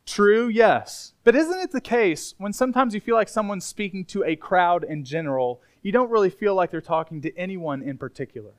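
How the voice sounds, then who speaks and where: A male pastor preaching to his congregation in a relaxed, emphatic, conversational way. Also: high voice, moderate pace, hardly any pauses. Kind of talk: sermon. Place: church sanctuary.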